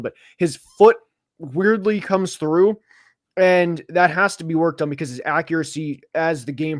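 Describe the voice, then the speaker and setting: A man co-hosting a casual football podcast, talking fast with lots of fillers and getting openly worked up about play calls while seated. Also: fairly high pitch, dry recording, clean studio sound. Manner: animated, gets worked up, many fillers. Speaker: podcast co-host. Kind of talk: casual sports podcast analysis. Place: seated at home studio.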